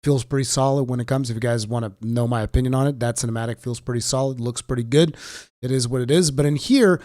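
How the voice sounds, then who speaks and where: A man's voice: medium pitch, fast talker, a little mellow, dry recording, clean studio sound. Sick man giving gaming commentary. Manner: opinionated, sarcastic asides. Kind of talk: casual reaction commentary.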